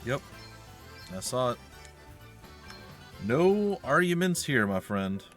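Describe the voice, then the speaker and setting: A man's voice: mid-range voice, big pitch swings, slow, a bit bright, soft background music. A man hosting a let's play, chatting casually and joking as he talks to the enemies on screen. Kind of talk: casual gaming commentary.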